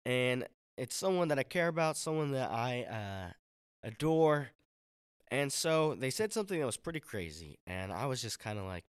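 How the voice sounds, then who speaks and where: A man preaching a sermon to young people in a relaxed, conversational way, with casual slang and acted-out quotes. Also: medium pitch, moderate pace, clean tone, no echo, clean studio sound. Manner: acts out quoted friends in voices.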